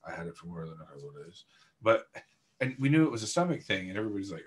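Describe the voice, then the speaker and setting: Playful, joking man with a lively voice. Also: lowish voice, very fast, husky. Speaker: podcast co-host. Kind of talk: casual group chat.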